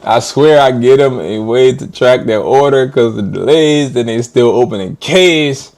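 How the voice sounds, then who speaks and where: A man ranting casually to his live stream viewers in an animated, slangy way, often laughing. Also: medium pitch, a little slow.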